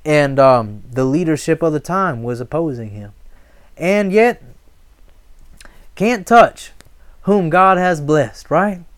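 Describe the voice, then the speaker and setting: Male pastor, sermon delivery, unhurried and emphatic, fairly high voice. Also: lively intonation. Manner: emphatic, call-and-response questions.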